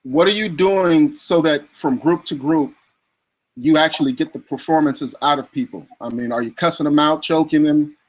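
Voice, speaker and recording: A man hosting an interview, asking long searching questions with halting restarts. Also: a little high. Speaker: interview host.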